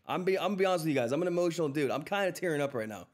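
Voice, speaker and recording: A man hosting a live stock trading stream, talking through price charts in an excitable, effusive way that repeats itself. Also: fairly high pitch, very fast, hardly any pauses. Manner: excitable, effusive, repeats himself, says "all right?" often. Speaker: livestream stock trading host. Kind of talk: live market commentary and chat.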